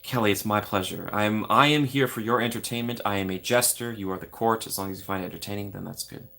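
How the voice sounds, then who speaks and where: A young man runs a laid-back live stream from home, reading the chat out loud and making fun of himself in a playful way. He talks fast in a lowish, gravelly voice with a fairly bright tone.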